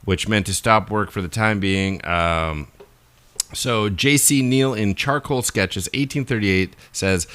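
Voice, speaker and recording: A man's voice: fairly low pitch, takes it slowly, fairly bright tone, dry recording. A man co-hosting a casual podcast, rambling and joking and laughing often. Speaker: podcast co-host. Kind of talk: casual chat.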